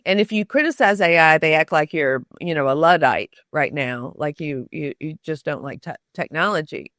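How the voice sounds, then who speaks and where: A woman speaks as a guest on a podcast, her voice a little lower than most. She thinks aloud, stopping on fillers and restarting her sentences. The recording is dry, with no room sound around her. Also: animated, fairly bright tone, dry recording. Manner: thoughtful, halting with many fillers and restarts. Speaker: podcast guest, storytelling author. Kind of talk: conversational interview.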